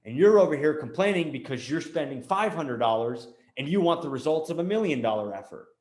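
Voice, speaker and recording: A man's voice: on the high side, lively intonation, brisk, darkish tone, reverberant. An American man hosting a show, giving a blunt, emphatic motivational talk on business and repeating points for emphasis. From United States. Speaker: host.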